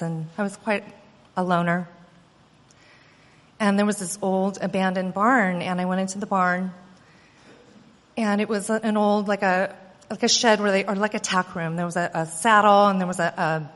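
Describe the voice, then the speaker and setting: A woman at a conference, recounting her own story in an earnest, halting way full of fillers and restarts. Her voice sits at a medium pitch and rings out with a long echo across a large hall. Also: fairly bright tone. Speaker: conference speaker. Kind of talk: personal testimony talk.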